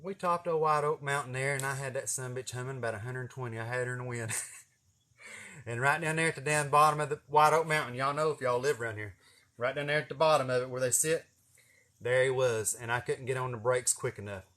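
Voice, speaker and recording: A man's voice: mid-range voice, a little fast, sharp tone. A man, telling a personal story to camera in a folksy, profane, chuckling way. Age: 40s.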